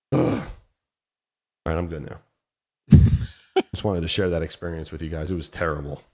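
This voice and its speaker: A man hosting a casual chat, telling excitable stories and swearing a lot. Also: rumbling low, unhurried. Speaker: host.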